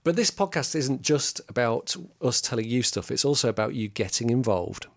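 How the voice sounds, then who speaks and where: A man's voice: mid-range voice, animated, normal speed, dry recording, studio quality. A man, a stand-up comedian co-hosting a podcast, chatting in a self-mocking way and laughing often. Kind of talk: casual podcast chat.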